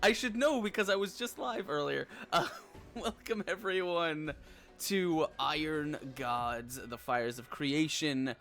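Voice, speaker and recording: A man's voice: a little high, takes it slowly, fairly bright tone, faint music behind. A man hosting a live tabletop game stream as game master, upbeat and laughing often, with frequent fillers.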